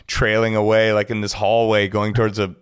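Smooth-voiced man telling stories animatedly. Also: fairly low pitch, a little fast. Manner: animated, acts out quoted people in raised voices. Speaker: DJ guest. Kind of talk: casual storytelling. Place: podcast studio.

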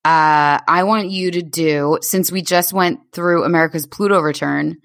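A woman's voice: low-pitched, steady tone, normal speed, a bit bright. A woman co-hosting a podcast in casual chat, steadily steering the conversation. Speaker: podcast co-host.

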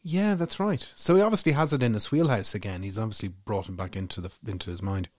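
A man's voice: on the low side, fast talker, darkish tone, dry recording, clean studio sound. A man co-hosting a podcast, chatting casually and musing his way wryly through his points. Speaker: podcast co-host. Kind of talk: casual chat.

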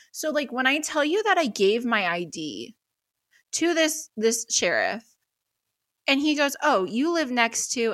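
A young woman co-hosting a podcast, telling a story in a casual, animated way with lots of fillers and laughs. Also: mid-range voice, no echo, clean studio sound. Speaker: podcast co-host.

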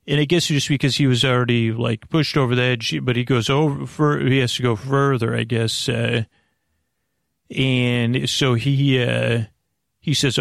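A man with a gravelly, creaky voice rambles through a movie recap, stopping for fillers and restarts as he goes. His voice is recorded close and dry, with no room sound around it. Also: mid-range voice, fairly even intonation, unhurried, dry recording. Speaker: podcast host.

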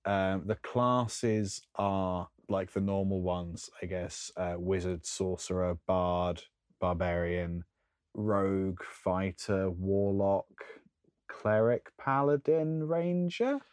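Deep-voiced man in rambling casual chat. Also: takes it slowly, darkish tone, clean tone, dry recording, studio quality. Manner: rambling, lists things with frequent ums and laughs. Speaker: podcast co-host.

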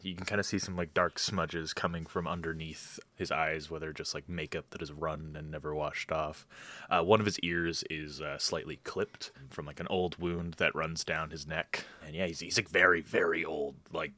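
A man playing in a tabletop game, slowly describing his character with many pauses. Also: very deep voice, flat delivery, pushed and bright, no room sound. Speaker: tabletop player.

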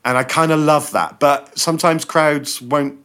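A man's voice: a little slow, clear, resonant tone. A man, a comedian and actor, chatting as a podcast guest and acting out the quotes in his stories. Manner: animated, acts out quotes with shifting pitch. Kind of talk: casual podcast chat, storytelling.

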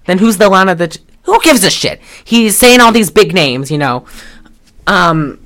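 Lowish lady voice rambling through a movie recap, bouncy intonation, swears casually. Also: expressive, measured pace, fairly bright tone. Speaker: podcast co-host. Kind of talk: casual movie review chat.

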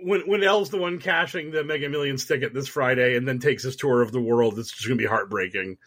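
A man co-hosting a podcast, chatting casually with sarcastic asides and lots of quick agreement. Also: mid-range voice, a bit bright. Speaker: podcast co-host. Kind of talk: casual chat.

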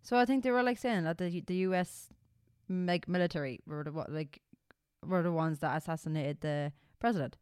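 A young Irish woman chatting on a podcast, her voice sitting a little low. She talks in an animated, casual way and swears freely. The sound is dry and close to the mic. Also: normal speed, smooth, no room sound. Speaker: podcast co-host. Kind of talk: casual chat.

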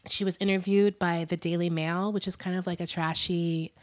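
Chatty, laughing woman with a low-pitched voice. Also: flat delivery, moderate pace. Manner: chatty, laughs often, many fillers. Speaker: podcast co-host. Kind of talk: casual storytelling chat.

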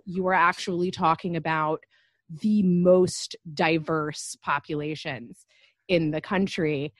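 A woman's voice: on the low side, no echo. A young adult woman from Memphis, co-hosting a podcast in a chatty way with lots of fillers. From Memphis, Tennessee. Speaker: podcast co-host. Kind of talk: casual chat.

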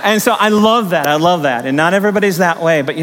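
Man, pastor, sermon, storytelling to exhortation, slightly high voice, long church reverb. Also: fast, hardly any pauses, fairly bright tone. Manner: storytelling, building to emphatic exhortation. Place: large church sanctuary.

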